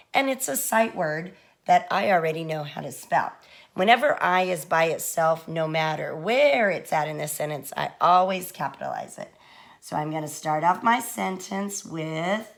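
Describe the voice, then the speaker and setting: A woman teaching a writing lesson to young children, talking slowly and patiently, with clear words. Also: lowish voice.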